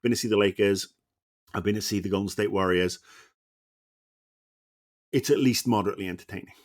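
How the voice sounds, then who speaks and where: A man's voice: on the low side, fairly even intonation, brisk. A man from Wales streaming, talking sport in a casual, blunt and profane way full of teasing banter.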